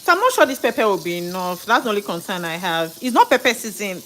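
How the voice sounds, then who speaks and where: A middle-aged woman talks her viewers through a live home-cooking session. She chats easily at a mid pitch, thinks aloud and fixes her own words mid-sentence. Faint noise sits behind her voice. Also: big pitch swings, fast, fairly bright tone. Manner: chatty, thinks aloud, self-correcting. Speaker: home cook and live streamer. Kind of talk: casual live cooking chat. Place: home kitchen.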